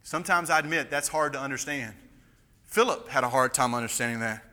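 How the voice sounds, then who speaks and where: Forceful preacher in a reverberant hall. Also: male voice, medium pitch, a little fast. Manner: emphatic, builds to impassioned, fervent preaching. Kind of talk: expository sermon. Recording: long reverb of a large hall.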